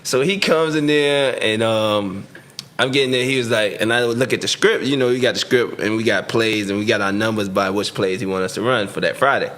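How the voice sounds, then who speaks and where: On a sports talk show, a former football player casually tells a long story, laughing as he talks and acting out the quoted lines. He is a laid-back storyteller whose voice sits on the low side, brisk and fairly bright.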